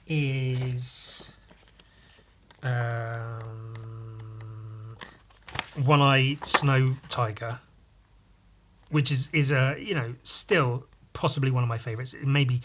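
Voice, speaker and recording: Enthusiastic, bright-voiced rambling man. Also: mid-range voice, slight background noise. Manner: enthusiastic, rambling, swears casually. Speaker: comic artist and podcast host. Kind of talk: casual chat about his own artwork.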